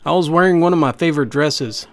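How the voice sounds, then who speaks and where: Male narrator, fairly high, wry conversational storytelling over light music. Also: quick pace. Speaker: host reading online stories. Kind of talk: scripted narration. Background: faint background music.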